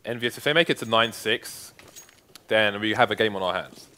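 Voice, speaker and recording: A male color commentator on a live esports broadcast, with a bright, forceful tone. He talks with emphatic, playful hype, leaning hard on the players he rates. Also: fairly low pitch, moderate pace.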